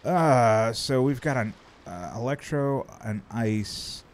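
A man's voice: medium pitch, slow, a little hiss or hum. A man streaming a game, chatting casually, swearing freely and laughing often as he rambles with restarts. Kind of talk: casual live-stream chat while gaming.

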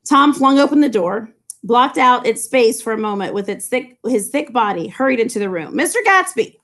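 A woman's voice: on the high side, moderate pace, a bit bright. A woman teacher reading a novel aloud to her students and explaining it in casual, chatty asides. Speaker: English teacher.

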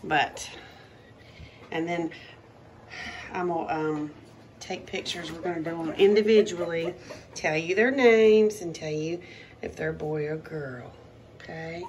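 A woman showing a litter of puppies in a casual vlog, talking softly and often dropping to a cooing whisper. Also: deep voice, measured pace, pauses often, a little hiss or hum. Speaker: dog breeder showing puppies.

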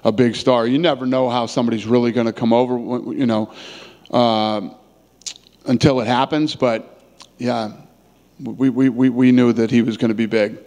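A man's voice: medium pitch, fairly even intonation, normal speed, a little mellow. Blunt middle-aged man in reverberant room. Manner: blunt, casual, restarts words often. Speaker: promoter answering press questions. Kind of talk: press conference answers. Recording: long reverb in a big room.

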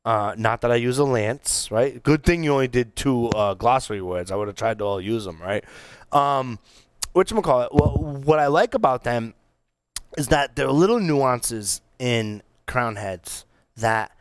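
A middle-aged man co-hosting a casual podcast, talking excitedly with many restarts and fillers. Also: mid-range voice, moderate pace, smooth, dry recording. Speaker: podcast co-host reviewing cigars. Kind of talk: casual chat.

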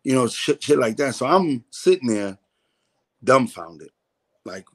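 A man's voice: medium pitch, big pitch swings, a little slow. A man, a comedian guest in a casual interview, telling a story candidly, swearing freely and acting out the voices he quotes.

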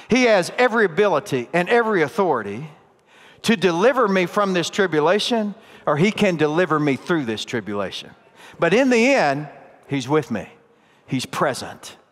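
A man's voice: sits high, a bit bright. A middle-aged male pastor preaching a sermon in a church, telling folksy stories in a plain conversational way. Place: church sanctuary. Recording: long church reverb.

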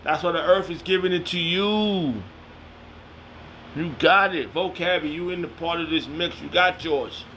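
A man's voice: fairly high pitch, a little slow, pushed and bright, a little hiss or hum. A man reading scripture aloud and commenting on it in a heated, confrontational, slangy way. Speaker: self-styled preacher.

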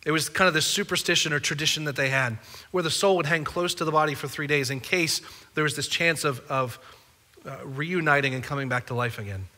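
A man's voice: on the high side, fairly quick, sharp tone, long reverb tail. A man preaching a sermon as a pastor, conversational and playful with the congregation. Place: church auditorium.

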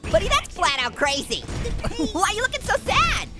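High bouncy woman's voice, giggly gamer cracking puns, game music going behind her. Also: big pitch swings, moderate pace. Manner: giggly, punning, teasing the game character. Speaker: gaming host. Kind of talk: playful let's-play commentary.

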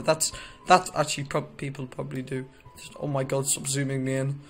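A man's voice: mid-range voice, little pitch movement, fairly quick, soft background music. A man giving casual commentary while he plays a video game, rambling and joking and often cutting himself off mid-sentence. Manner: rambling, jokey, self-interrupting. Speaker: gaming video creator.

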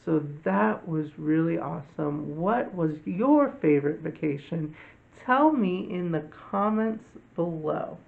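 A man hosting a children's church lesson, telling a Bible story slowly and gently to kids. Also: a little high, lively intonation, creaky. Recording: tinny phone-like audio.

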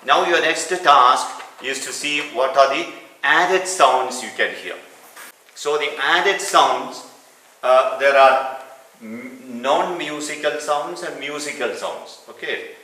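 A man's voice: medium pitch, slow pace, pushed and bright. Man lecturing in an echoey room. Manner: explains step by step, repeats key terms. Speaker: medical teacher. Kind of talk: clinical lecture. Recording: echoey room, mic at a distance.

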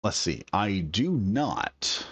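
A man's voice: on the low side, sing-song, very slow, a bit bright, slightly rough, dry recording. A man giving casual, enthusiastic gameplay commentary, thinking aloud as he builds. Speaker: gaming video creator.

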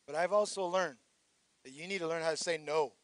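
A male pastor preaching a sermon, rising into shouted calls for praise and dropping quiet for reflective passages. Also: on the high side, brisk, no room sound.

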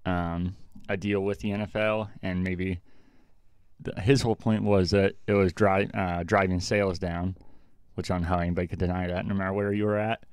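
A man with a low, smooth voice chatting casually as a podcast co-host. He rambles, fills gaps with "um" and "like," and laughs often. The sound is dry and close. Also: flat delivery, a little fast, a little mellow, no room sound. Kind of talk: casual chat.

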